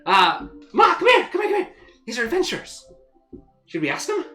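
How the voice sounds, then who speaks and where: A man voicing an excitable young male squirrel-folk tavern worker in a tabletop game, shrill and shouting in a hurry. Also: soft background music, full character voice. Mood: eager chatter. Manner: shrill, shouting, hurried, repeats himself.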